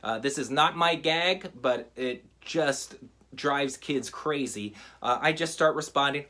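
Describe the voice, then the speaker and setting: A man teaching a magic trick in a relaxed, chatty how-to style, with frequent fillers. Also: mid-range voice, unhurried. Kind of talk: casual how-to tutorial.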